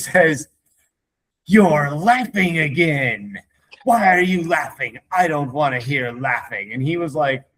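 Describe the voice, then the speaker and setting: A man's voice: mid-range voice, a bit bright, rough recording. A man talking loosely in a casual weekly meeting. He rambles from story to story, swears freely and laughs often. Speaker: meeting participant. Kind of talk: casual group discussion.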